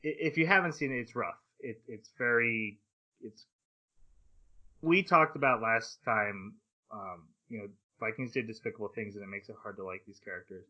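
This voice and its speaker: A man's voice: lowish voice, normal speed, sharp tone, dull audio. A grown man hosting a casual anime discussion podcast, retelling the plot at length with fillers and playful paraphrased quotes. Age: adult. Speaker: podcast host.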